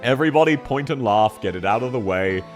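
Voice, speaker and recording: Lively young man streaming. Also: medium pitch, fast, faint music behind. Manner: rambling, animated, swears a lot, laughs often. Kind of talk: casual live-stream chat while gaming.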